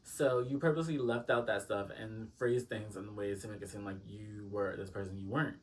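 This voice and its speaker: A man's voice: on the low side, fairly even intonation, a little fast, recorded from a distance. A man telling a storytime vlog, rambling with lots of fillers and dramatic asides to his viewers. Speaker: storytime vlogger. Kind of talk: casual storytime chat.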